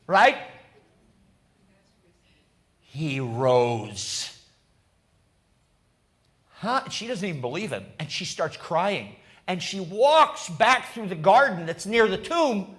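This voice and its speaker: A man preaching a sermon in a church. His voice sits high and he speaks slowly, telling his story with drama. He falls to a hush and then rises in loud bursts, laughs easily and speaks right to his congregation. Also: big pitch swings. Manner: laughs often and talks directly to the congregation. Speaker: pastor.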